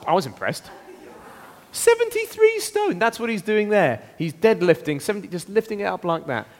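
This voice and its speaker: Guy preaching to the congregation, pretty high voice, playful and bouncy, lots of oh my word, echoey church hall. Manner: lively, playful, exclaiming. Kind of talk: interactive all-age sermon.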